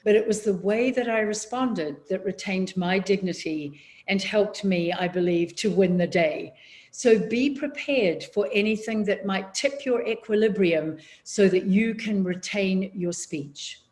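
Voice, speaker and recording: A New Zealand woman coaching public speaking over a video call from her office. Her delivery is measured and emphatic, with deliberate pauses between points, pitched in an everyday middle range. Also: a little mellow. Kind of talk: online workshop talk. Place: home office, seated on a chair.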